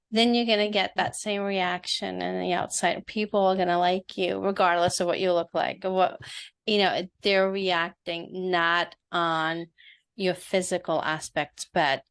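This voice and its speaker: A female podcast host speaks in a calm, affirming, explanatory way. Her voice is fairly low and smooth and resonant. The recording is dry and close, with no room sound. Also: no room sound. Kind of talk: interview reflection.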